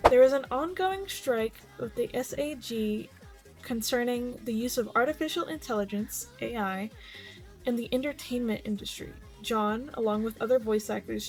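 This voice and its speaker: A woman's voice: a little high, darkish tone. A woman vtuber giving casual, blunt commentary, swearing freely and reading posts aloud.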